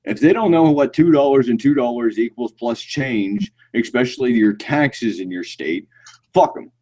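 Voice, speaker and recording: A man's voice: medium pitch, moderate pace, a little mellow. Indignant cursing podcast man. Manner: angry, indignant, swears constantly. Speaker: podcast co-host. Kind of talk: casual profane chat.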